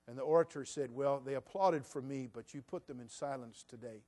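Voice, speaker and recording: A man's voice: mid-range voice, brisk, darkish tone. A man preaching a sermon to his church, telling a story in a conversational way. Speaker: pastor. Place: church sanctuary.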